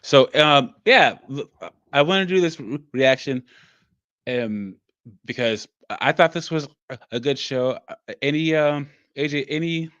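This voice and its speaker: Male host, halting casual chat with restarts, bright voice over a dull dry line. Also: mid-range voice, expressive, clean tone, dry recording. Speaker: podcast host.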